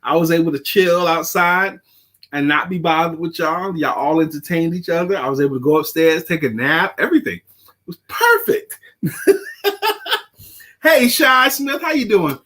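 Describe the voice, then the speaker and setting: A man's voice: a little high, fairly quick. A middle-aged man co-hosting a casual chat show, teasing and joking with his co-host. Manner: playful teasing, animated. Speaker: podcast co-host.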